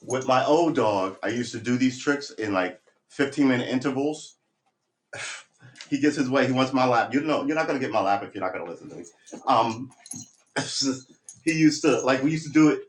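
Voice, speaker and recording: A man's voice: mid-range voice, normal speed. A man rambling casually on a live stream, talking to viewers and to his puppy, switching to firm commands.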